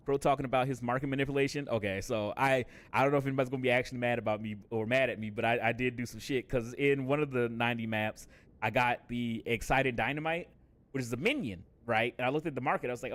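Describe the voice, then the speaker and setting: A man's voice: medium pitch, brisk. A man chatting casually on a game live stream, laid-back and jokey, swearing and laughing often.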